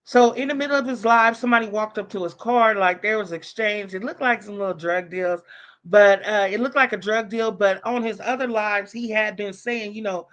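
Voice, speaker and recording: A woman's voice: medium pitch, normal speed, a bit bright. A woman live streamer telling a story in casual, profane talk, acting out the voices of the people she quotes.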